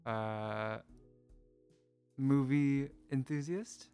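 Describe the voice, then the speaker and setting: A man's voice: mid-range voice, very slow, darkish tone, clean tone, soft background music. A young man in graduate school, a podcast guest, talking casually in short, hesitant answers. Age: young adult. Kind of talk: casual chat.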